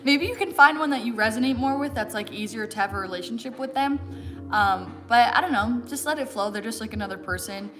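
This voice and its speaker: This fitness livestream host is a young woman from the United States, in her 20s, whose fairly bright, higher voice runs a little fast over soft background music. Chatty and quick to laugh, she answers viewers' questions casually, packing in fillers and "like."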